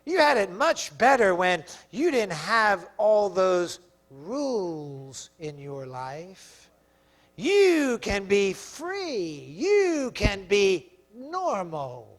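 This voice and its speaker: Sly, hushed devil coaxing a listener, as a preaching man puts him on. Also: high-pitched, big pitch swings, very slow, voice pushed down, full character voice. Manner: hushed, wheedling.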